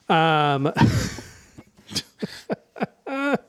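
A man's voice: on the high side, lively intonation, a little fast. A man hosting a casual podcast chat, joking and asking questions. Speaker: podcast host.

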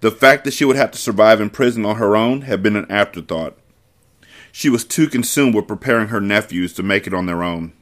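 A man hosting a book podcast, reading a novel aloud with measured, expressive narration. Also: fairly low pitch.

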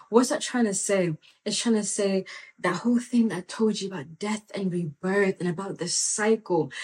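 A woman hosting a podcast, giving a spirited motivational monologue in a preachy, emphatic way, repeating phrases for emphasis and breaking into excited outbursts. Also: mid-range voice, moderate pace. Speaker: podcast host.

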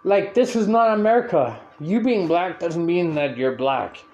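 Guy ranting on his podcast, cusses a ton, kinda high voice, bit of hiss behind. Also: moderate pace, muffled recording. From Canada. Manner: profane, loud and animated, acts out quotes. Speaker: podcast host. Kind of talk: casual storytelling rant.

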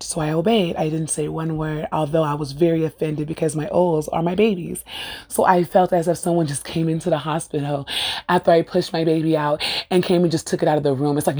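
Low, gravelly-voiced woman telling a story. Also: normal speed. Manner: earnest, conversational, animated retelling. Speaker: podcast host. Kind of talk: casual spiritual storytelling.

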